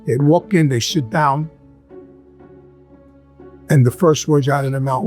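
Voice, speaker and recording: A man's voice: fairly high pitch, measured pace, darkish tone, faint music behind. Raised-voice New York man telling stories. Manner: rambling, acts out quoted dialogue. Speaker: guest telling his life story. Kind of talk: casual storytelling.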